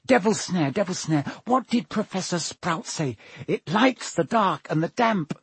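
A man voicing a bossy, know-it-all schoolgirl witch in a storybook reading, shrill and urgent. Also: lively intonation, unhurried, slightly rough, no room sound, full character voice. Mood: flustered.

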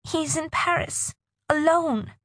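A woman voicing a frightened young girl who pleads desperately, in a breathy high voice. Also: takes it slowly, a bit bright, no echo. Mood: pleading.

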